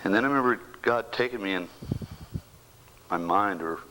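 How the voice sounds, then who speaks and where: A man in his sixties, a bereaved father, giving a halting personal faith testimony that keeps repeating words and slips into whispers. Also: lowish voice, pushed and bright, slight background noise, low-quality recording.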